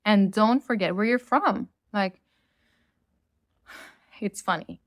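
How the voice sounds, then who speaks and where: A woman's voice: medium pitch, slow, no room sound. Blunt Latina woman ranting, dry sound. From Latin America. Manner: blunt, opinionated ranting with casual swearing. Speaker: podcast host. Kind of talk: solo rant podcast.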